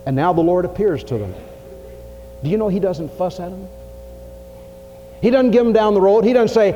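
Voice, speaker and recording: Preacher guy, folksy, goes loud then real soft, fairly high mellow voice, echoey old church tape. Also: expressive, a little fast, long pauses. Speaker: pastor. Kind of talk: sermon. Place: church sanctuary. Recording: lo-fi 1980s church tape with long reverb and faint hiss.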